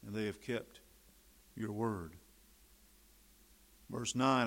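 A man preaching a sermon, reading scripture and switching between emphatic, loud passages and quiet, folksy asides. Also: lowish voice, extremely slow, long pauses.

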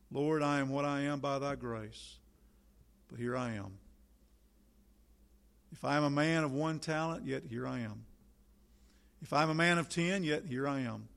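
A man's voice: mid-range voice, gravelly. Fervent man reading an old sermon. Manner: solemn, old-fashioned biblical diction with rising fervent appeals. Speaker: preacher.

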